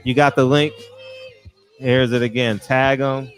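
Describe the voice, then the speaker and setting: A man's voice: mid-range voice, fairly even intonation, a little slow, faint music behind. A man hosting a casual livestream, chatting animatedly, laughing often and reading out viewer comments. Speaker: livestream host.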